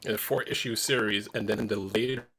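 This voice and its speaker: A man on a livestream panel, talking haltingly and restarting his sentences. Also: on the low side, steady tone, vocal fry, a bit bright, slightly rough. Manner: halting, full of ums and restarts. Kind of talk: casual group chat.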